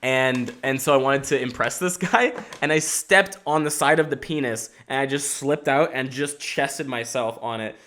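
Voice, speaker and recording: A man's voice: mid-range voice, normal speed, few pauses. A young adult man hosting a podcast, riffing in a casual comedic monologue, rambling and swearing freely. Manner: animated, rambling, swears freely, self-mocking. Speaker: podcast host.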